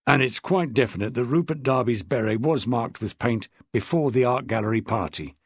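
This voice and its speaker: A man's voice: medium pitch, moderate pace, husky, no echo, voice pushed down. A man voicing a respectful, matter-of-fact junior police inspector in an audiobook. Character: deferential male police inspector, loyal junior officer. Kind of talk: audiobook character voice.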